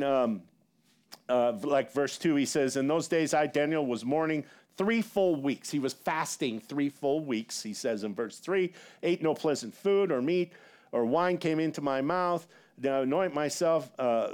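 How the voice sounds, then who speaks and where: A man preaching a sermon in an animated, conversational way, with casual asides. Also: on the high side. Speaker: pastor.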